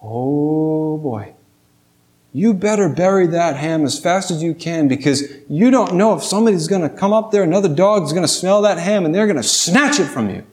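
Know-it-all cat in a sermon story, slow lecturing manner, high and light, as a male preacher puts it on. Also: animated, natural voice. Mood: urgent.

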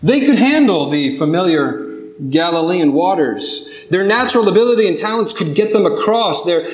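A man's voice: sits high, expressive, normal speed, slight background noise. A man preaching a sermon, earnest and building to pleading intensity. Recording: echoey room.

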